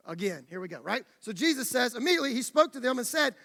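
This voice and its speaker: A man with a very high, bright voice delivers a lively sermon, acting out the story as he goes. The sound rings with the long reverb of a church hall. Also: fast talker, gravelly, few pauses. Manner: animated storytelling, acting out the scene. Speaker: preacher.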